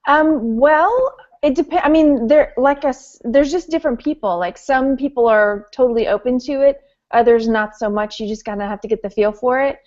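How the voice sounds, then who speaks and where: A woman's voice: sits high, normal speed, darkish tone. An American woman who is a guest on a casual chat, easygoing and laughing often. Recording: dull lo-fi audio.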